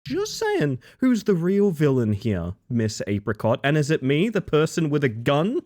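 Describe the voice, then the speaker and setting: A man's voice: fairly high pitch, big pitch swings, normal speed, a little mellow. A man streaming live, chatting casually and greeting his chat one by one with playful, jokey asides.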